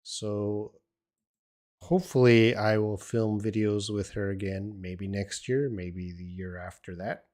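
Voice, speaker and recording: Blunt, lower-voiced male English teacher. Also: steady tone, slow, darkish tone. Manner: blunt, opinionated, teasing. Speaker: English teacher hosting a live stream. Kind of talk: live-stream Q&A lesson. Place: at home.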